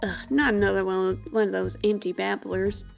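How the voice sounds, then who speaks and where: A woman voicing a gruff, grumpy female dwarf adventurer in a Southern US accent, with blunt, dry lines while playing a video game. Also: mid-range voice, little pitch movement, moderate pace, soft background music.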